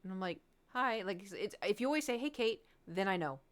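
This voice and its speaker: Young female streamer, smooth and clear voice, casual stream chat at home, animated and self-conscious, acts out each quote. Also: mid-range voice, quick pace.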